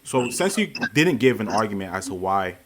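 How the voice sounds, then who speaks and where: A man's voice: fairly low pitch, sing-song, normal speed, a crowd in the background. A man in a debate laying out dense, jargon-heavy arguments in a lecturing way. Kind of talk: heated online debate.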